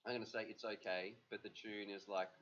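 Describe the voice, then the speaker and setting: Speaking fairly quickly in a fairly low, slightly bright voice, this livestream host keeps his delivery flat as he rambles through casual chat full of fillers. Faint background noise sits under the dull, lo-fi stream audio.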